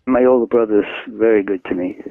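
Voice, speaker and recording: Older man with gravelly voice on phone line. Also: lowish voice, fairly even intonation, a little fast, dry recording, faint music behind. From Queens, New York. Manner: chuckling anecdotal storyteller, acts out quoted voices. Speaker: poet and author, interview guest. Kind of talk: casual storytelling interview.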